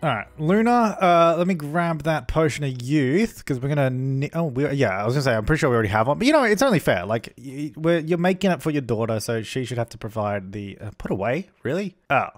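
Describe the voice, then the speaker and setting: Young man, casual gameplay commentary, chatty, rambling, mid-pitched voice. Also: expressive, fast talker, few pauses, faint music behind. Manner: chatty, self-correcting, often voicing his characters. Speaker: gaming YouTuber. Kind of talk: casual let's-play commentary.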